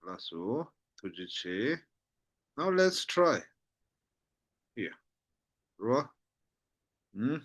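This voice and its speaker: A man teaching a language lesson, repeating syllables slowly and often checking that his listener follows. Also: medium pitch, big pitch swings, fairly bright tone. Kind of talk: slow spoken lesson.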